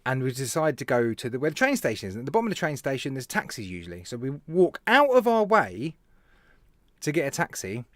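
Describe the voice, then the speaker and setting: A man with a British accent hosting a casual live stream, telling stories in an animated way, laughing and talking to viewers by name. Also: mid-range voice, quick pace, no room sound, studio quality. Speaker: live show host, vape reviewer.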